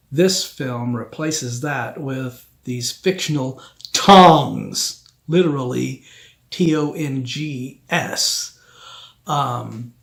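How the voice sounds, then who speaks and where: A man hosting a film review channel, talking through a review in a slow, rambling way with many ums. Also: medium pitch, vocal fry.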